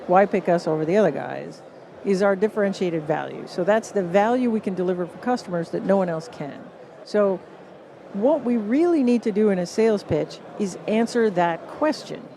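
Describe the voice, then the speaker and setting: Canadian woman guest, mellow tone, animated talker who acts out quotes, live conference podcast stage, faint background noise. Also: mid-range voice, vocal fry. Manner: animated, acts out what others say. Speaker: guest author.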